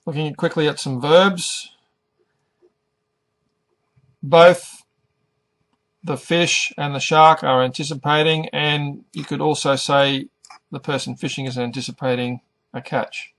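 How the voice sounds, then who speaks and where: Middle-aged guy teaching english, slightly high voice, super slow careful pronunciation. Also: fairly even intonation, fairly bright tone. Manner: careful, over-articulated pronunciation. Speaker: ESL teacher. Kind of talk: slow, deliberate English lesson narration.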